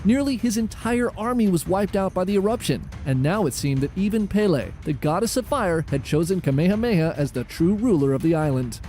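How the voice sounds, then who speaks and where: A man giving dramatic, measured scripted narration of a history documentary. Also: high voice, expressive, warm tone, slight background noise. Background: faint music.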